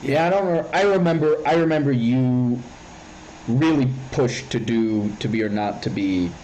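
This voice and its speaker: A man in his twenties co-hosting a casual podcast over a voice call, telling animated stories and laughing often. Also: medium pitch, moderate pace, low-quality recording. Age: 20s. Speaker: podcast co-host. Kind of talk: casual chat. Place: home, remote voice call. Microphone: voice chat headset mic.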